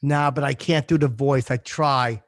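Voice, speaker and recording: A man's voice: mid-range voice, steady tone, normal speed, no room sound, close to an everyday voice. An actor playing a crude, boastful male comedian who hosts a podcast, talking with swagger and heavy swearing. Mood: smug. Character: crude boastful middle-aged male comedian, vain and petty. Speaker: podcast host. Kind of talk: improvised character comedy.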